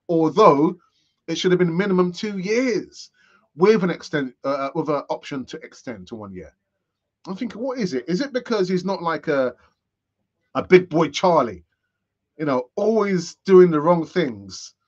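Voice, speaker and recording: A man's voice: on the high side, muffled recording. A tired man hosting a football fan channel, rambling through transfer news in a casual, self-mocking way.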